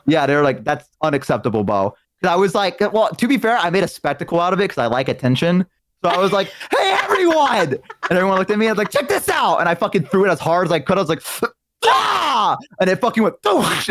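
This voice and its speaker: Animated profane man telling stories. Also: high-pitched, quick pace, no room sound, studio quality. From American South. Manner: animated, profane, acts out quoted voices. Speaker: streaming guest. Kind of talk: casual storytelling chat.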